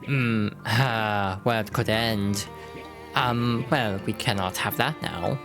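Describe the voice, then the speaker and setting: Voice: medium pitch, takes it slowly. A round little bomb villager from a video game speaks in clipped, broken phrases with a thick put-on accent, voiced by a streamer. The game dialogue is read aloud over faint background music. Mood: stern. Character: Bob-omb townsfolk in a put-on foreign accent.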